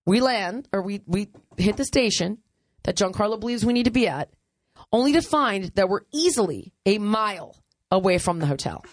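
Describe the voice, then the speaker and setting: Brief: woman podcast host, lively storyteller who laughs a lot, dry close mic. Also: mid-range voice, normal speed, pauses often, dry recording. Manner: animated, laughs often, acts out others' lines. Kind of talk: casual storytelling chat.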